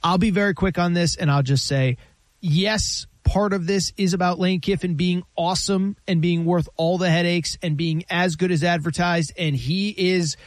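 A man hosting a sports talk show, running through scores and stats in a brisk, emphatic way. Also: high-pitched, dry recording.

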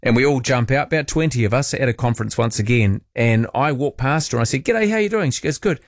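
Late-night talkback host, New Zealand man, mid-pitched, very dry close studio mic. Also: fast, no room sound. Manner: chatty, rambling storyteller with animated asides. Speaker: overnight radio talk host. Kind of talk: late-night talkback, reading listener texts. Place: radio studio. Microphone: studio microphone.

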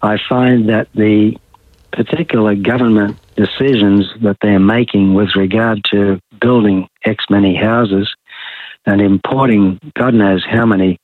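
A man's voice: fairly low pitch, fairly even intonation, measured pace, no echo. An older Australian man calling into a talk radio show, blunt and rambling as he airs his opinions. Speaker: caller. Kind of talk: casual talk radio call. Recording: tinny phone line.

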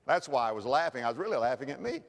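A man voicing a father who talks softly and tenderly to his young son. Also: medium pitch, sing-song, racing, big-room sound. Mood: tender confiding. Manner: hushed, tender, confiding.

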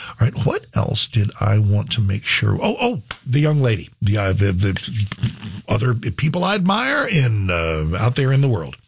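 A man hosting a talk show, rambling and halting with many restarts. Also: fairly low pitch, vocal fry, husky, no room sound, studio quality. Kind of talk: casual radio talk.

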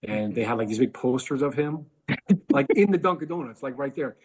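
A man guest on a sports talk show, telling a story in a casual, animated way and acting out the voices. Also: medium pitch, moderate pace, husky. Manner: animated, acts out voices in anecdotes. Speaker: podcast guest.

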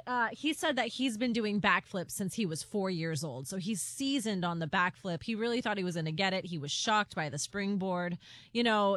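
A woman's voice: fairly high pitch, bright, forceful tone, no echo. A woman co-hosting a sports talk radio show, conversational and matter-of-fact. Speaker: radio co-host.

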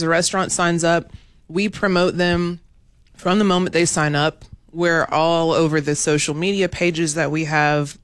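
A woman's voice: deep voice, dry recording. A woman guest, explaining her event plainly in a radio interview. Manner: clear, explanatory, matter-of-fact. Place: radio studio.

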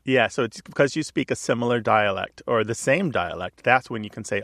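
A man hosting a call-in radio show, explaining to a caller in a relaxed, chatty way with little asides. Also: mid-range voice, a little fast, creaky, few pauses, no echo, studio quality. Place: radio studio.

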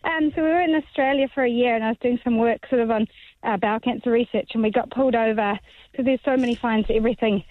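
A woman's voice: fairly high pitch, fast, no room sound. A woman calling into a radio show and telling a chatty story. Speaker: caller. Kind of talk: phone-in anecdote. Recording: tinny phone line.

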